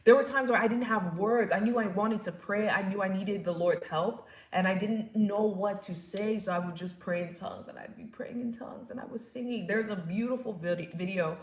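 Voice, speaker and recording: A young woman in her first years of motherhood, telling her own story in a casual, animated way and acting out what people said. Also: medium pitch, moderate pace, few pauses. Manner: animated, acts out quotes and screams, laughs at herself. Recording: echoey room.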